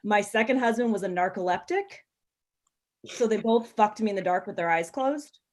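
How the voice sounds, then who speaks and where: A stand-up comedian in her thirties performs a frank, bawdy set over a live video call. She speaks at a normal speed in a mid-range voice, telling stories full of ums and little laughs.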